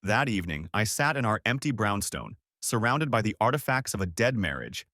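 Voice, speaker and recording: A man narrating a first-person revenge story audiobook in a calm, grim manner. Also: lowish voice, a little fast, dry recording, studio quality.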